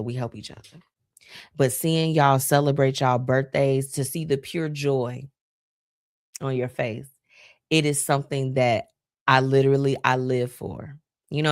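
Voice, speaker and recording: A woman's voice: very deep voice, dry recording, studio quality. A woman hosting a live stream, talking casually and emotionally about her friends. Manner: chatty, heartfelt, emotional. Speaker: host.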